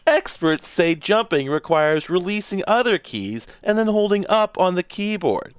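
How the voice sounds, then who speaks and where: A man's voice: sits high, animated, measured pace, clean tone, no echo, voice pushed up. A man putting on a mock TV news anchor voice, reading in a mock-serious announcer tone. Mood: mock gravitas. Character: pompous male TV news anchor.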